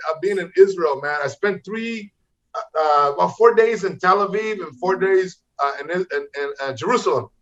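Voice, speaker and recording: Give me a middle-aged man telling comedy stories, lively and loud, with slightly muffled audio. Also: sits high. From Los Angeles. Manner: energetic, repeats "bro" and "man", acts out voices. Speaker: comedian guest. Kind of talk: animated storytelling.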